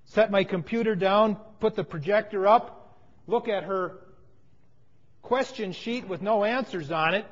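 A man with a fairly high voice preaches a sermon, mixing a personal story with scripture. He leans into key lines and then falls quiet. The recording is muffled, with a long reverb trailing off the walls. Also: a little slow. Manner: storytelling, emphatic, drops to quiet phrases. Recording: dull sound with long hall reverb.

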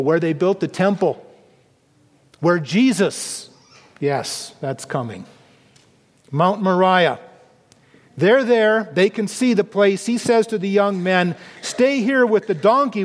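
A man preaching a sermon as pastor, earnest, dropping low and soft for emphasis. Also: long reverb tail.

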